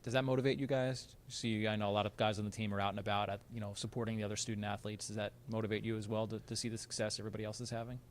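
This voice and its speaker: Fast-talking male sports interviewer. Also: lowish voice, flat delivery, a little hiss or hum. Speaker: interviewer, show host.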